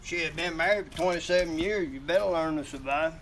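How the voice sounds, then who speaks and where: A middle-aged man chats through a live cooking stream outdoors, folksy and foul-mouthed. His voice sits high and bright. Faint outdoor noise runs underneath. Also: brisk. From Louisiana. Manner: profane, joking, folksy. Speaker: outdoor cook and co-host. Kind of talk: casual live-stream chat.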